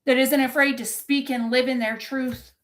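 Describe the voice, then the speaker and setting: A woman's voice: high-pitched, level tone, moderate pace. A woman coaching her viewers in a live-streamed pep talk, intense and full of swearing, stopping to answer the chat. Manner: intense, profane, impassioned. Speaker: motivational coach.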